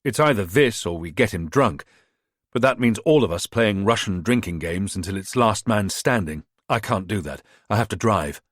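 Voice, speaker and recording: A man playing a calm, scheming operative. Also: fairly low pitch, dry recording, clean studio sound. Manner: calm, brisk, matter-of-fact. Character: resourceful man, calm under pressure, plotting.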